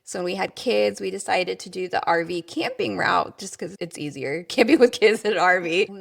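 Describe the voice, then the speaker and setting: Gravelly-voiced woman telling stories. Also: lowish voice, normal speed. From small town. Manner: storytelling, animated, laughs often. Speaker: podcast co-host. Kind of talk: casual chat.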